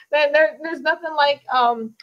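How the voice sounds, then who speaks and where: An American woman hosting an interview, chatty and quick to laugh, with lots of "you know". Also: high voice, highs cut off. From United States. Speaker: interview host. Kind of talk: casual interview chat.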